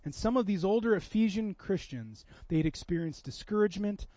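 A man in his thirties preaching a sermon, telling stories with swings from loud bursts to quiet moments. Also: high voice, brisk, dry recording, dull audio. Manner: animated storytelling, swings from loud to soft. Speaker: pastor.

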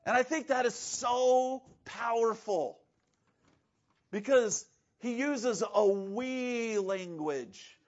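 A man preaching a sermon as pastor, animated, acting out quoted voices and swinging between loud and hushed delivery. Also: very high-pitched, very slow. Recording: dull lo-fi sound.

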